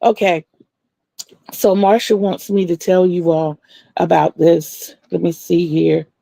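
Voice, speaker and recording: Gravelly, laughing woman storyteller. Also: lowish voice, takes it slowly, dry recording. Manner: animated, laughing often, acting out voices in quotes. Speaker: crochet livestream host. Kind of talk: casual storytelling chat.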